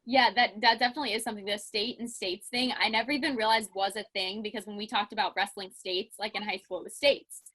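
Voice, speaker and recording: A woman's voice: medium pitch, fairly even intonation, quick pace, few pauses, a bit bright. A young woman with a Pittsburgh accent hosting a casual interview, bubbly and chatty with lots of "like". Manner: chatty, bubbly, laughs often, peppered with "like". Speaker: interview host.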